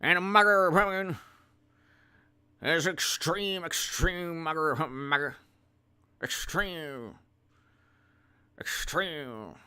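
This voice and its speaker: A man doing a comedic impression of an elderly politician who keeps repeating words and losing his thread. The voice is bright and sits a little high. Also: takes it slowly, pauses often, clean tone, exaggerated voice. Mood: mocking. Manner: rambling, trailing off, repeating words.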